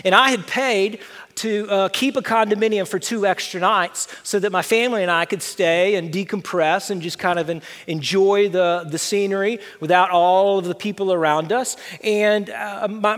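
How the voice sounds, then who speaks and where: A middle-aged man telling a personal story to an audience, animated and self-deprecating. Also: high voice, normal speed. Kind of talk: storytelling talk with slides. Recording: long hall reverb.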